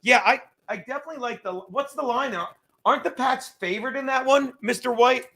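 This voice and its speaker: Host, male, high bright voice, profane rambling livestream chatter, self-mocking. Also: a little fast. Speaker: podcast host reading live chat. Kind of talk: casual crude livestream chat.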